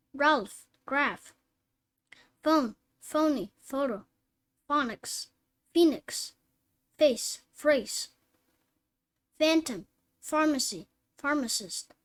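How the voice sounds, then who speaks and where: High-pitched lady reading phonics words slow and clear, one at a time. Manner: reads word lists slowly and clearly, one word at a time. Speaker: reading teacher.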